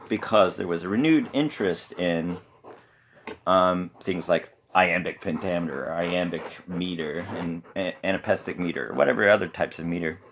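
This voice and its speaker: A man's voice: low voice, vocal fry. A man hosting a podcast, lecturing in a loose, rambling way with many hesitations and self-deprecating asides. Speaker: podcast host.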